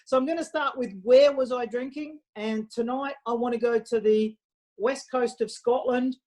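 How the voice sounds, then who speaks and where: A woman's voice: fairly high pitch, fairly even intonation, a little slow, a little mellow, poor audio. A woman from Australia hosting a casual live-streamed wine show, chatting in a rambling way with lots of fillers.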